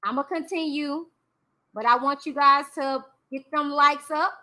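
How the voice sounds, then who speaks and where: A young woman vlogger with a high, piercingly bright voice. She talks to her viewers in a chatty, slangy way, taking her time as she reads a legal document aloud and drifts into unhurried commentary. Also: fairly even intonation. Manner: chatty, addresses viewers directly, slangy asides. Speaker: YouTube commentary host. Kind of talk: casual commentary reading a court document aloud.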